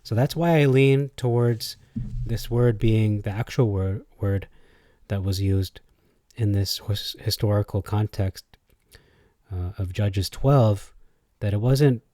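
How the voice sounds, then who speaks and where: A man's voice: lowish voice, a little slow, mellow, no room sound, studio quality. A man explaining things in a casual spoken video. He thinks aloud and hesitates, and he tries out different pronunciations as he goes.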